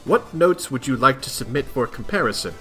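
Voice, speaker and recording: A man voicing a poised, stylish young female alien who speaks in a measured, formal way while reading a webcomic aloud. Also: mid-range voice, animated, sharp tone, soft background music. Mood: composed.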